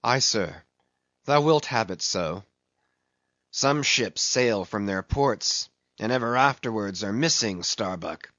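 A man voicing an old, obsessed sea captain who speaks in a brooding, solemn, drawn-out way. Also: lowish voice, lively intonation, a bit bright, no room sound, lo-fi sound.

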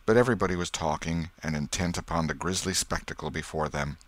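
A man narrating a classic novel as an audiobook with an expressive, dramatic reading. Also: low-pitched, fast talker, no room sound.

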